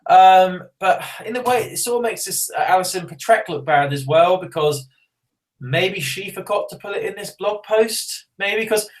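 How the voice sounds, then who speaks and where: A man's voice: high-pitched, moderate pace, poor audio. A man, co-hosting a podcast in a casual, rambling, jokey chat. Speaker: podcast co-host.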